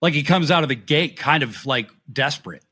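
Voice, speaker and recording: A man co-hosting a wrestling podcast, his voice bright and a touch higher than most. He recaps matches with excitement, swearing freely and acting out the wrestlers' lines in casual chat. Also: fairly quick, breathy edge. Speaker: podcast co-host.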